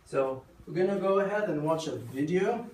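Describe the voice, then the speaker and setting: A man's voice: a little high, animated, normal speed, a little mellow, slight background noise. Man teaching a class in an echoey room. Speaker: student teacher. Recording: echoey classroom, heard from far off.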